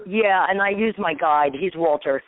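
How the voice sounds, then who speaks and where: A woman's voice: on the low side, moderate pace. A woman who is a paranormal investigator, telling a long story in a phone interview and acting out the dialogue. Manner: rambling, acts out dialogue with "I'm like". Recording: tinny dry phone line.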